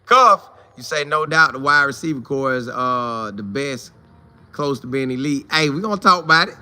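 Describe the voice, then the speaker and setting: A man's voice: mid-range voice, expressive, moderate pace, sharp tone. A man hosting a casual live fan show, greeting viewers by name and repeating his points for emphasis. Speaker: host of a college football fan show. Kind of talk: casual live-stream chat reading viewer comments.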